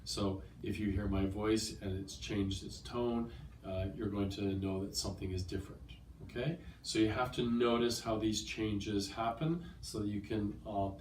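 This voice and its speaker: A man with a cold teaches English test strategies at a school. His slightly low voice carries from a distance into a roomy space, with a faint hum of ambience behind. He explains patiently and checks understanding often. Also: darkish tone. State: has a cold. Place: language school.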